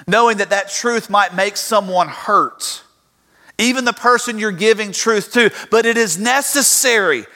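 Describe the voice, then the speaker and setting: A man preaching a sermon, telling stories and acting out their voices. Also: high voice. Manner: animated storytelling, acts out voices. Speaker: pastor. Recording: reverberant hall.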